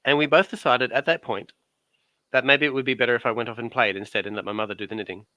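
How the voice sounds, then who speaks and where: Male guest, joking storyteller, sharp bright tone. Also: mid-range voice, fairly even intonation, fast, dry recording. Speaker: guest on his wife's craft channel. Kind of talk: casual chat.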